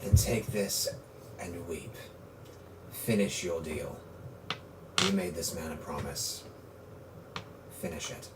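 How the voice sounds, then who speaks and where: A man doing a hushed, menacing lord of darkness. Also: on the low side, takes it slowly, long pauses, roomy sound, heavy background noise. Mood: commanding.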